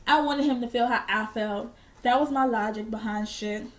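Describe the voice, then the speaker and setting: A woman's voice: on the high side, moderate pace. A young woman vlogger telling a casual storytime, blunt and profane, proudly petty and unbothered. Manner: boastfully petty.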